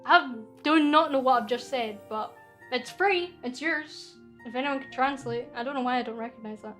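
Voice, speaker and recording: A Scottish woman with a high-pitched voice chats loosely on a live stream. She reads out viewer questions and answers them in a cheeky, excitable ramble full of fillers. Soft music plays faintly behind her. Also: normal speed.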